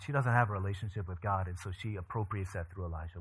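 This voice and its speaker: A man's voice: sits low, fast, few pauses, husky. A man preaching a sermon, telling a personal story with animation and acting out the people he quotes. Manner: animated storyteller who acts out quoted voices. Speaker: pastor.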